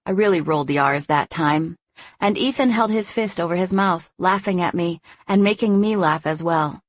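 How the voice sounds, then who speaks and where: A woman reading a first-person romance audiobook, narrating smoothly and giving the heroine's lines a lively, playful voice. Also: fairly low pitch, normal speed, dry recording.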